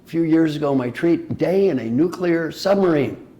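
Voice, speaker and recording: A man's voice: on the high side, animated, moderate pace, warm tone. An older man giving a motivational talk as an executive coach, playful and emphatic, firing off rhetorical questions.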